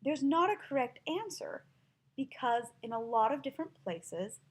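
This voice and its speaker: A woman from Utah teaching a classroom listening lesson in a slow, clear, explanatory manner. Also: high-pitched, sing-song.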